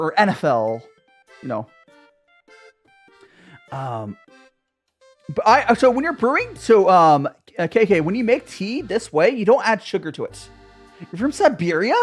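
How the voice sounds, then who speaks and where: A woman streamer chatting casually with her viewers, bubbly and quick to laugh. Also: mid-range voice.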